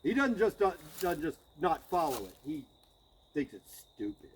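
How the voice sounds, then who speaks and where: A man's voice: fairly high pitch, sing-song, normal speed, a little hiss or hum, rough recording. A man leading a guided battlefield tour outdoors, telling it casually with chuckles and frequent restarts.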